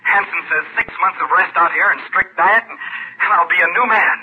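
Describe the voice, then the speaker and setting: A man's voice: medium pitch, slight background noise. A man playing a sickly hopeful writer. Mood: excited. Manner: breathless, halting and excited. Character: ailing grateful male writer, hopeful. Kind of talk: 1940s radio acting. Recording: tinny old radio broadcast.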